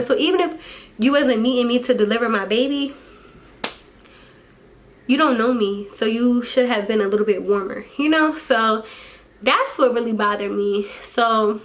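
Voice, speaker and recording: A young woman with a fairly high voice vlogs casually as a first-time mom, venting candidly and swearing. Her voice turns teary as she tells her story.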